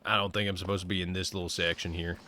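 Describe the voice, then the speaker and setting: Young male game streamer, from Nebraska, rambling casual chat with a crisp, bright tone and faintly low voice. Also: level tone, racing, a little hiss or hum. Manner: rambling, chatty, reads chat aloud. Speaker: livestreamer. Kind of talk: casual chat while gaming.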